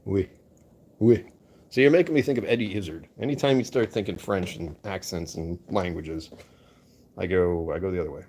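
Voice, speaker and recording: A man's voice: low voice, fairly quick, a little mellow, slight background noise. A man casually chatting with his live-stream viewers, joking and poking fun at himself while answering the chat. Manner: chatty, jokey, self-mocking.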